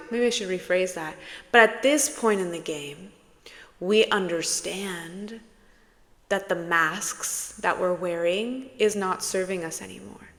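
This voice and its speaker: A woman giving a casual, playful spiritual message as a channeler, soothing and warm in her words, with bursts of laughter. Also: lowish voice, slow pace, in a large hall.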